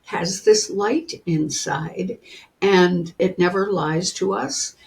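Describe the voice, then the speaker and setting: A woman in her seventies telling personal stories as a podcast guest in an animated way, often calling the listener honey. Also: on the low side, slow, gravelly. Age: 70s. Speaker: guest, psychic and spiritual teacher. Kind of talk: storytelling in a podcast interview.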